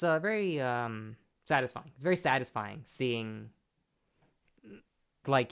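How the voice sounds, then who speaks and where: A man's voice: medium pitch, fairly bright tone, clean tone. A young man giving casual gameplay commentary, tipsy and rambling with many restarts and fillers, on a bad clipping microphone. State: tipsy, burping. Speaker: gaming channel host. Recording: lo-fi clipping mic.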